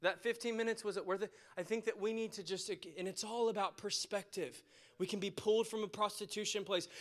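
A man preaching a sermon with passion, repeating phrases for emphasis and going soft and quiet toward the close. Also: high-pitched. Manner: impassioned, repeats phrases for emphasis, drops to a soft tone near the end.

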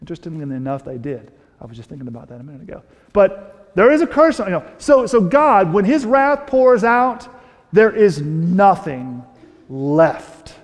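Male pastor, high-pitched, animated preacher who restarts sentences, recorded in a large echoing hall. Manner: animated, rhetorical questions, frequent restarts. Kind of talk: sermon. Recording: long reverb of a large hall.

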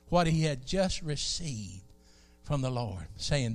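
A man from South Alabama with a Southern accent, preaching a sermon in a folksy, animated way. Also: medium pitch, slow pace, long pauses, faint music behind.

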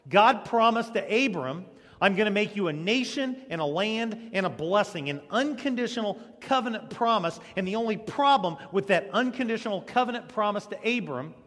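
A male pastor preaching a sermon as dramatic storytelling, swinging between loud passages and hushed ones. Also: high-pitched. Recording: long reverb of a large hall.

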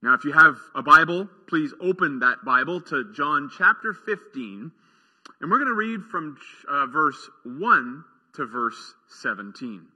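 A man delivers a sermon slowly and deliberately, his voice high and bright with a slightly husky edge. His phrases often fade softly at their ends. The sound rings with a long reverb, as in a church sanctuary. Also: very animated. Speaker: pastor.

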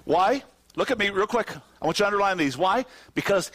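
A man preaching a sermon to his congregation, climbing to shouted peaks and dropping to low, drawn-out phrases. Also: animated. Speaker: pastor. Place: church sanctuary with congregation.

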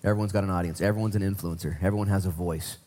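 A man's voice: sits low, steady tone, racing, warm tone. A man preaching a conversational sermon, emphatic, swinging up and down for stress. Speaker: pastor.

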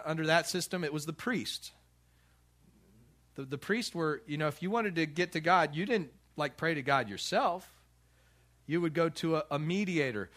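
A man's voice: a little high, fairly bright tone. A man preaching a sermon in a church, talking casually with frequent restarts and light laughter. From United States. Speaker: pastor.

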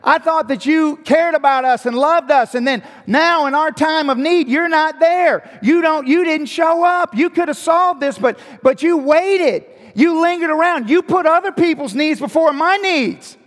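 A man's voice: very high voice, a little slow, hardly any pauses, big-room sound, pitched above the performer's own voice. A man voicing a grieving woman disciple who pleads with and accuses a friend who let her down. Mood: aggrieved. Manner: raised, pleading, accusing delivery. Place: church sanctuary.

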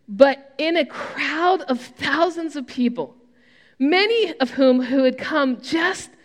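A woman pastor telling a personal story in a sermon, animated, with frequent restarts. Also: high-pitched, long reverb tail.

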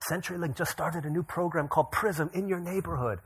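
A cheerful young saleswoman at the door, bright and eager, as a man imitates her. Her voice sits high and bubbly with a slightly husky edge. She pitches her service with relentless chipper friendliness. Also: fast talker.

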